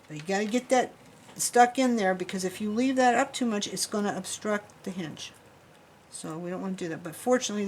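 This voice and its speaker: A woman with a fairly low voice talks casually as she demonstrates a craft, chatting and rambling while her hands keep busy. Recorded in a workshop with a faint hiss of noise underneath. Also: vocal fry, low-quality recording. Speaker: jewelry-making instructor.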